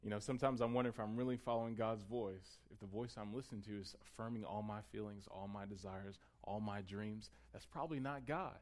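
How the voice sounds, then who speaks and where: A man preaching a sermon in a conversational way. He builds to emphatic peaks and then drops to a quiet, close tone. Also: lowish voice, fairly even intonation, fairly quick, few pauses. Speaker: pastor.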